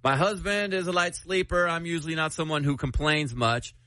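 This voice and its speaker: A man's voice: on the high side, steady tone, a little fast, bright, forceful tone, dry recording, rough recording. A man hosting a morning radio show, chatting casually and reading a listener's letter aloud, laughing at himself.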